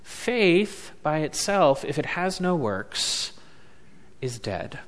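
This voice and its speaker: A man preaching a sermon as a pastor, slow and deliberate, leaning on words with emphatic pauses. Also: fairly high pitch, very animated. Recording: long reverb of a large hall.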